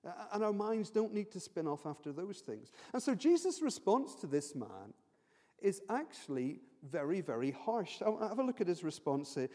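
A man's voice: sits high, sing-song, normal speed, warm tone. A man preaching a sermon in an earnest, stumbling way, often restarting his words. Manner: earnest, many repeated restarts. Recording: long reverb of a large hall.

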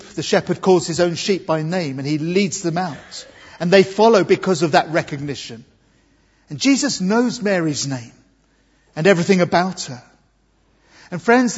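A man from England preaching an Easter sermon, earnest and emphatic, slowing down on key words. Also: sits high, darkish tone, slightly rough. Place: church. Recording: dull muffled sound with long hall reverb.

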